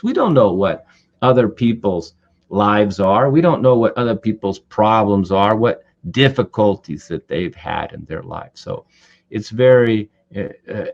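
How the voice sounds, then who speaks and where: A man teaching an online class as an Ayurvedic doctor and herbalist, talking conversationally with many "you know" fillers and animated storytelling. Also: fairly low pitch, muffled recording. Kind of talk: online webinar lecture.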